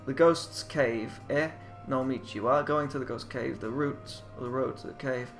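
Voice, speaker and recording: A young man narrates a game playthrough, translating its Japanese text as he goes. He thinks aloud, trails off and doubts his own guesses, at a middling pitch, with game music playing softly behind him. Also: fairly even intonation, moderate pace. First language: English. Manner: muses aloud, trailing off and second-guessing himself. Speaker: let's player.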